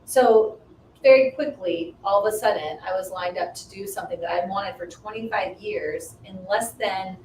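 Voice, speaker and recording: A guest, a woman in her fifties with a mid-range voice, tells a personal story at a moderate pace during a casual chat. She is animated, acting out the quoted dialogue with rising pitch. The recording sounds echoey and distant, with the mic far off and a faint hiss in the background.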